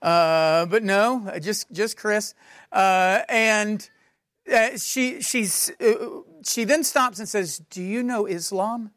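A man's voice: high-pitched, drawn-out words, fairly bright tone, no room sound, studio quality. A male pastor telling a story to his congregation in a conversational, rambling way with many fillers and restarts. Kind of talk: sermon storytelling.

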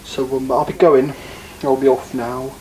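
A man's voice: mid-range voice, flat delivery, measured pace, mellow, slight background noise, close to an everyday voice, rough recording. A man voicing a bumbling, apologetic male car thief who rambles and hesitates. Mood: sheepish.

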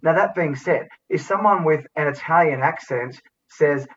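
A man's voice: a little high, moderate pace, a bit bright. An Australian man co-hosting a podcast, blunt and provocative as he muses aloud in casual banter. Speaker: podcast co-host. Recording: distant, dull lo-fi sound.

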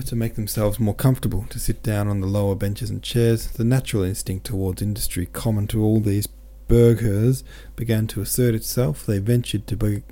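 A man narrating a classic novel as a podcast host, reading steadily and sometimes correcting slips. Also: lowish voice. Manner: steady, with occasional self-corrections. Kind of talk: audiobook narration.

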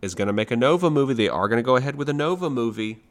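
A male podcast co-host chatting in a loose, meandering way full of fillers. His pitch moves around a lot, sitting at a middle level. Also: expressive, rapid-fire. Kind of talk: casual podcast chat.

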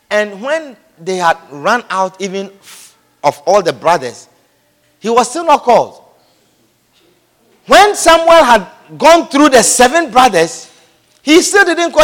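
A man's voice: extremely high pitch, a bit bright. A man preaching a sermon, emphatic and repeating his phrases, calling out amen, recorded in an echoey church hall.

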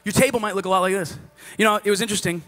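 A man preaching a sermon in a conversational, animated way, swinging from loud exhortation to hushed asides. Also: high-pitched, very fast, faint music behind.

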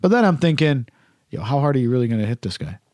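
A man casually telling a story on a podcast, animated and full of swearing. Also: medium pitch, fast, no room sound.

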